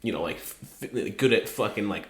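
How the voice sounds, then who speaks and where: A man's voice: on the low side, lively intonation, a little fast. A young man co-hosting a podcast, telling rambling stories in casual chat, swearing often and laughing as he goes. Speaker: podcast co-host. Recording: roomy echo.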